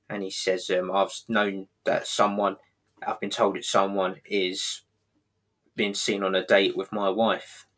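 A man with a fairly low voice talks through a television episode in a loose, rambling way. He stumbles and fills gaps with ums and uhs as he goes, keeping it casual. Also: a bit bright. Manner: rambling, halting, lots of fillers.

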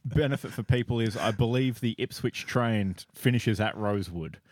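An Australian man co-hosting a podcast, dropping wry deadpan quips in casual chat. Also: on the low side, moderate pace, dry recording, studio quality. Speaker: podcast co-host.

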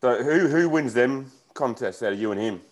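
A man's voice: mid-range voice, animated, moderate pace, rough recording. A man co-hosting a casual podcast, telling joking stories. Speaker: podcast co-host.

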